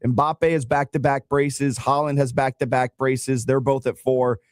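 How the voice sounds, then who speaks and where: A man's voice: mid-range voice, level tone, dry recording, clean studio sound. A man hosting a morning sports radio show, chatting and joking about soccer with a co-host. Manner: upbeat, joking, quick banter.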